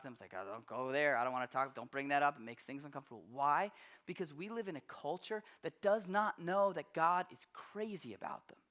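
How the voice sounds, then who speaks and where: A man's voice: on the high side, a bit bright. Conversational man preaching a sermon. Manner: conversational, storytelling, frequent restarts. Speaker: pastor.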